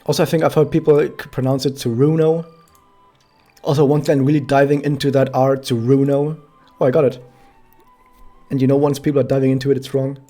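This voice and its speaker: A German man talks his way through a game stream in a loose, rambling way, often restarting his sentences. His voice is mellow and dark, at a middling pitch. Faint music plays under him. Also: flat delivery, fast. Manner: chatty, rambling, self-correcting. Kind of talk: casual live-stream commentary.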